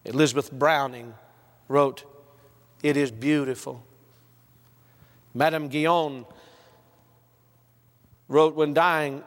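A man preaching a sermon, quoting scripture and last words, swelling to impassioned highs and dropping low. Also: steady tone, takes it slowly, long pauses, big-room sound.

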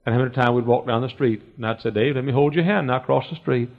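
A preacher with a gravelly, creaky voice delivers a folksy storytelling sermon that swells into loud, soaring exclamations. The recording is muffled and lo-fi, with a long reverb from a church sanctuary. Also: male voice. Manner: folksy anecdotes that build to loud, high, drawn-out exclamations.

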